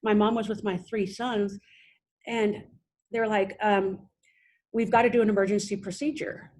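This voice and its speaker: A young adult woman, a podcast guest, telling her own story in a halting way with many restarts. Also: medium pitch, level tone, a little mellow, a little hiss or hum. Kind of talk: personal storytelling interview.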